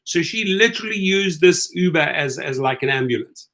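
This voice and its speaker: A man's voice: a little high, moderate pace. A middle-aged man hosting rideshare commentary in a casual, incredulous rant, acting out the people he quotes. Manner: animated, incredulous, acts out quoted lines.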